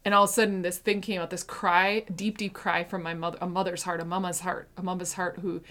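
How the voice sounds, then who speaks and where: A woman in her thirties giving a heartfelt personal faith testimony, earnest, swinging between hushed and intense. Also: lowish voice, level tone, fast talker. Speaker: Christian speaker sharing testimony.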